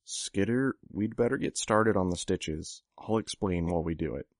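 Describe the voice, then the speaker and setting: A man voicing a sharp, confident young woman in an audiobook, brisk and a little exasperated. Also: sits low, no echo, clean studio sound. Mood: urgent. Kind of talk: audiobook character voice.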